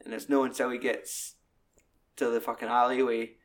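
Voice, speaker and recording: A man's voice: mid-range voice, moderate pace. Sweary Scottish man talking films. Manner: sweary, animated retelling with put-on voices. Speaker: podcast co-host. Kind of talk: casual film discussion.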